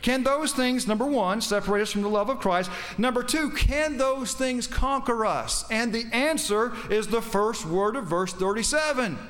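A man's voice: very high voice, expressive, normal speed, hardly any pauses, fairly bright tone. A man preaching a sermon, quoting scripture with emphasis and putting questions to his congregation. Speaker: pastor.

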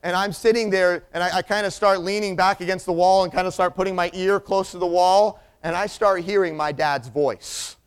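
Animated storytelling man, smooth voice. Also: high-pitched, moderate pace, hardly any pauses. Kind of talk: storytelling sermon illustration.

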